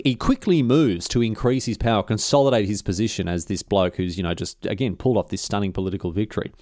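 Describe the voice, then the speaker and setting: A man with an Australian accent hosting a history podcast, telling the story in a casual, slangy, animated way. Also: mid-range voice, dry recording, clean studio sound. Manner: animated, slangy, acts out characters' voices. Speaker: podcast host.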